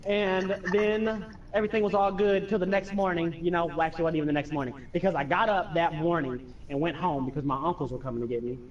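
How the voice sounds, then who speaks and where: Speaking quickly and barely pausing, a young man with a highish voice tells profane stories as he plays, acting out the friends and family he quotes in an animated manner. The recording is muffled and sounds distant.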